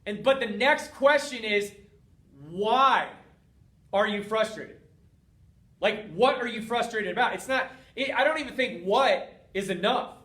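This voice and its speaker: A man hosting a motivational talk, speaking directly to his listeners in an energetic, coaching way. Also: very high-pitched, normal speed. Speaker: host. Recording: roomy, distant from mic.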